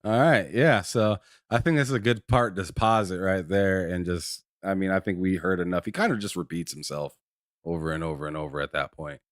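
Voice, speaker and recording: A man co-hosting a podcast, easygoing and relaxed. His voice sits a little low, and the sound is dry with no room in it. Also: a little fast, no room sound. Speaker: podcast co-host. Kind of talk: casual podcast chat.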